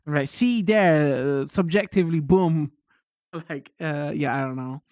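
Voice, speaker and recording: High-voiced excitable British man streaming. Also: unhurried, no room sound, clean studio sound. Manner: rambling, excitable and profane, talking to chat. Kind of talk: casual live-stream chat.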